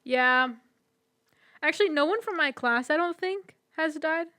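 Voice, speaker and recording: A woman's voice: high-pitched, a little slow, bright, forceful tone, no room sound, clean studio sound. A young woman co-hosting a podcast, rambling through stories in casual chat with lots of "like" and "um". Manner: chatty, rambling, full of "like" and "um". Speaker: podcast co-host.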